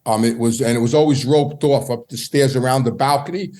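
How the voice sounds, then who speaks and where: A middle-aged podcast guest tells stories from his past in a brisk, somewhat mellow mid-range voice with fairly even intonation. He meanders casually, repeating words and restarting often.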